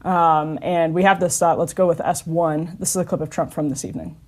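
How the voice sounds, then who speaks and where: Lady hosting a chat show, lowish voice, giggly and chatty. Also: flat delivery, a little fast. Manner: chatty, laughs often, restarts. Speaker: host. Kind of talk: casual chat.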